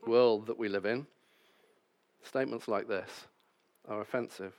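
A man's voice: fairly low pitch, steady tone, measured pace, darkish tone. A man preaching a sermon, reading scripture passages and then explaining them with wry, self-deprecating asides.

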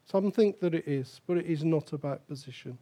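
A man's voice: on the high side, fairly quick, warm tone. An older man preaching a sermon as pastor, emphatic and repeating key phrases for stress.

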